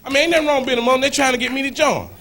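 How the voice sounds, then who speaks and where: A man performing a stand-up comedy set on a club stage, shouting his punchlines and acting out the people in his stories. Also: extremely high pitch, rapid-fire. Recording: live club recording, loud crowd and noise. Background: loud audience laughter.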